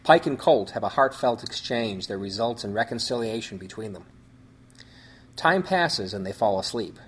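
A man hosting a show, reading out a story synopsis in measured phrases with small restarts. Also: on the low side, animated, husky.

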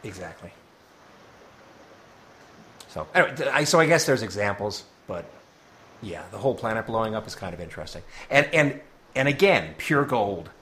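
A man's voice: fairly low pitch, very animated, moderate pace, long pauses, fairly bright tone. Chatty laughing man co-host. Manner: chatty, laughs often, restarts words. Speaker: podcast co-host. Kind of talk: casual chat about comics.

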